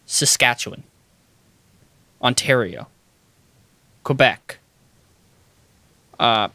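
A young man co-hosts a podcast in playful, casual chat. His pitch swings widely and his voice sounds dry and close. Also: normal speed, dry recording. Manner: lively, playful, slips into jokey voices. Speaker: podcast co-host.

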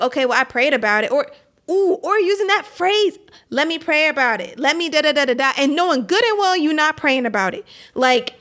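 A woman in her thirties with a high voice talks to the camera about faith with fervent, rising conviction. She laughs often and leans heavily on "like" as she builds her point. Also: fairly bright tone. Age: 30s. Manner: impassioned, laughing, heavy use of "like". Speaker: Christian vlogger. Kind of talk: earnest faith talk to camera.

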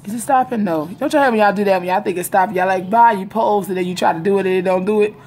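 A woman chatting casually to camera in an animated storytelling style, laughing often. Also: mid-range voice, racing, a little hiss or hum. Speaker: vlogger. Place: home, indoors. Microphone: phone or webcam camera.

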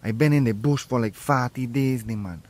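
A man's voice: mid-range voice, moderate pace, darkish tone. A man in a comedy sketch, playing a preachy, serene spiritual convert. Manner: serene, preachy, mock-solemn.

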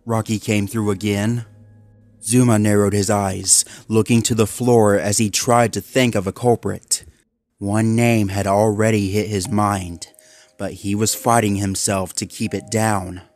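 A man narrating a dark fan story in a steady, measured reading. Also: fairly low pitch.

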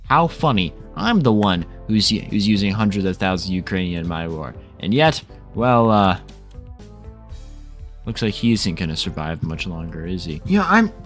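Young male gamer, lowish voice, excitable and profane, light music underneath. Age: young adult. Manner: excitable, swearing, quick mood swings. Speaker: gaming video creator. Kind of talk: casual strategy game commentary.

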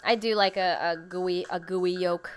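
Hosting a cooking livestream from her home setup, a woman with a fairly low, steady, unhurried voice chats casually and reads out viewer comments. She rambles and uses plenty of fillers.

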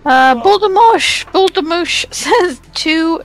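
A woman's voice: very high-pitched, animated, slow pace, faint music behind. Giggly woman chiming in. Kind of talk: casual live-stream chat.

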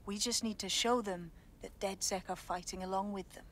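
A woman's voice: mid-range voice, fairly even intonation, moderate pace, fairly bright tone, a little hiss or hum, lightly acted. An actress playing a tough, determined female resistance recruit in a video game.

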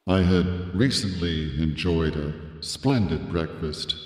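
A man playing a pompous old-time radio drama narrator, with grave, drawn-out delivery in the style of 1940s radio acting. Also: low voice. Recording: roomy reverb with music bed.

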